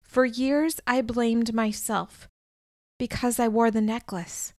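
A woman reads a first-person novel aloud, slow and deliberate, in a calm, measured voice. Each word is unhurried. The sound is dry and close, from a studio mic with no room around it. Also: a little high, dry recording. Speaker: audiobook narrator. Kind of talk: scripted first-person audiobook narration.

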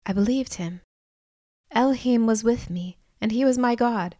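A woman narrates a first-person novel as an audiobook, her slightly high, mellow voice close to the mic and moving at normal speed. Her delivery is earnest and emotional, and the recording is dry.

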